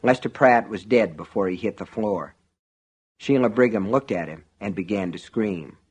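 A man reading a novel aloud as an audiobook narrator, in measured, even storytelling. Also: fairly low pitch, husky. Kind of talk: scripted narration.

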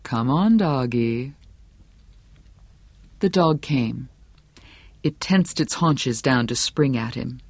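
A man narrating an audiobook in a steady, measured storytelling manner. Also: medium pitch, gravelly, slightly rough, no room sound. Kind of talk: scripted narration.

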